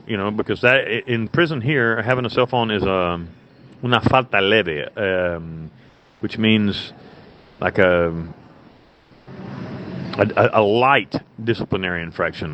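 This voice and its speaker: A man's voice: fairly low pitch, a bit bright. A man from the United States, a prison inmate, telling stories bluntly and profanely from his cell over a cell phone, with many restarts. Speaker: interview guest, prison inmate. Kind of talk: rambling conversational storytelling. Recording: muffled lo-fi phone line with faint noise.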